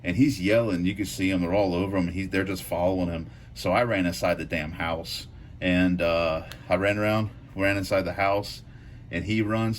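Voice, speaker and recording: Man with a very low voice, casual and profane knife-channel storyteller who rambles. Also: a little hiss or hum. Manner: loose, profane, rambling with frequent fillers.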